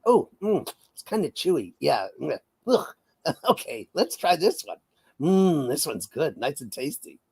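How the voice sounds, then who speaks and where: A man's voice: a little high, very animated, unhurried, vocal fry, darkish tone, husky, full character voice. A man voicing a greedy empire that chews through puppets like snacks, speaking with smacking, savoring relish.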